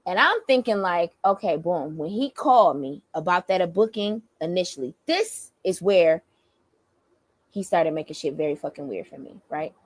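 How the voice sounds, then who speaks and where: A young woman, a battle rapper, telling a story in an animated, profane, emphatic rant. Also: on the low side, normal speed, no echo.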